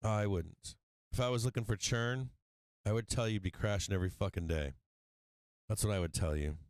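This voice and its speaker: A man with a fairly low voice talks markets on a livestream, blunt and profane, laughing between points. His tone is smooth and clear. The sound is dry and close, with no room around it. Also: moderate pace, dry recording. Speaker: stock market livestream host. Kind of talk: casual trading livestream talk.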